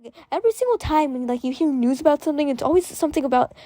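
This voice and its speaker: A young woman vlogger rants in casual, sarcastic commentary, stumbling over restarts and fillers. Her voice sits a bit high. The recording is dry and close, with no room sound. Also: expressive, very fast, dark tone, no echo.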